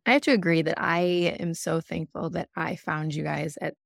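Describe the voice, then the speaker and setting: A woman in her thirties with a low voice full of vocal fry talks candidly and gratefully. The sound is close and dry. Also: moderate pace, fairly bright tone, no room sound. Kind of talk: candid casual chat.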